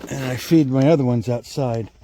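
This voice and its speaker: A man's voice: medium pitch, moderate pace, mellow, a little hiss or hum. A man doing a casual vlog while feeding his goats outdoors, talking to the camera in chatty asides and cooing at the animals in a sing-song. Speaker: homesteader. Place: outdoors at a goat pen.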